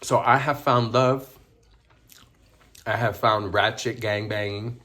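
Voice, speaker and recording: A man's voice: on the low side, fairly even intonation, takes it slowly, pushed and bright. A man vlogging casually while eating a sandwich, chewing as he talks and mixing Spanish phrases into his English. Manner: eats and chews while talking. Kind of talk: casual mukbang vlog.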